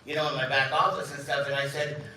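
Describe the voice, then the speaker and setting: This keynote speaker, a man in his fifties, tells stories to a live audience in a chatty, self-deprecating way and performs the characters' lines himself. He speaks quickly in a mid-range voice with little pitch movement and a bright, forceful tone. The recording is distant and echoey in an event hall, with slight hiss or hum.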